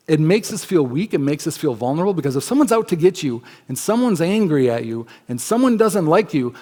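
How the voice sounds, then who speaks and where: A man preaching a sermon as pastor in a church, conversational and emphatic, acting out quick asides in other voices. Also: a little high, darkish tone. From United States. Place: church sanctuary.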